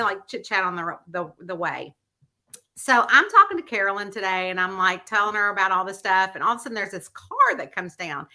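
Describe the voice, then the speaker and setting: Animated woman telling a story. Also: on the high side. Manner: animated storyteller who acts out the voices in her anecdotes. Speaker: mystery author. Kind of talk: casual chat vlog.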